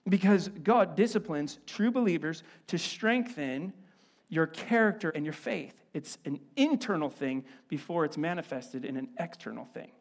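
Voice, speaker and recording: Pastor, male, fairly high voice; lively, chatty sermon delivery with joking asides. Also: normal speed. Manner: animated, conversational, playful asides. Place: church.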